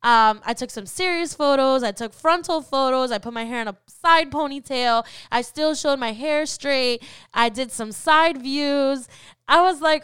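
Earnest high-voiced woman podcaster. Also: normal speed, fairly bright tone, smooth, no echo, studio quality. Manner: earnest, encouraging, many "um" and "like" fillers. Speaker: podcast co-host. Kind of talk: personal faith podcast talk.

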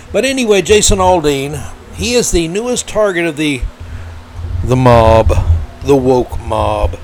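A man's voice: a little high, slight background noise, low-quality recording. A man hosting a podcast, delivering a combative, sarcastic political commentary monologue. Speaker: podcast host.

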